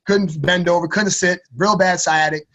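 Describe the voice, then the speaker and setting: A man's voice: sits high, fairly even intonation, moderate pace, a bit bright, highs cut off. A man in his thirties, a podcast guest, telling a personal story in a casual, slangy way, often repeating his words as he goes.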